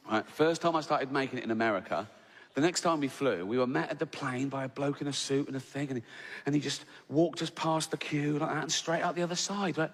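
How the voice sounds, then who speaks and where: A middle-aged English man doing a stand-up routine in a conversational, sweary way, often checking in with the crowd. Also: on the high side. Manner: conversational, keeps checking in with "right?"; swears freely, acts out exasperated little scenes. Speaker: stand-up comedian. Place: large theatre on stage. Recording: live hall with long reverb, faint ambience.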